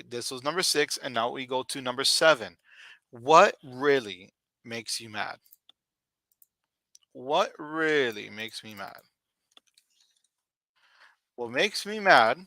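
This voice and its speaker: A man teaching an English conversation lesson, slowly repeating each question and model answer. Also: mid-range voice, pushed and bright, dry recording.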